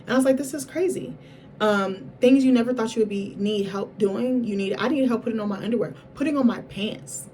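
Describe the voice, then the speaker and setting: A woman's voice: on the high side, fast, few pauses, dark tone. A young woman vlogging in a frank, chatty confessional way, often acting out her own quoted words. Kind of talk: candid confessional chat. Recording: slightly distant mic with faint background noise.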